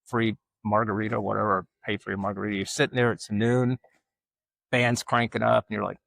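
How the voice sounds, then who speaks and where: A man's voice: lowish voice, level tone, a little fast, vocal fry, a bit bright, no echo, rough recording. A man, a guest telling rambling, self-mocking stories in casual interview chat. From Alabama. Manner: rambling, self-mocking storyteller who acts out quoted voices. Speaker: guest artist.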